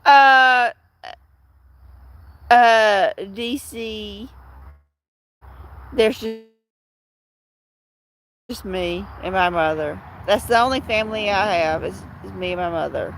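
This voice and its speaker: A woman's voice: medium pitch, takes it slowly, pauses often, slight background noise. A middle-aged woman chatting casually with viewers on a livestream from home, rambling through stories with many restarts. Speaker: livestream host.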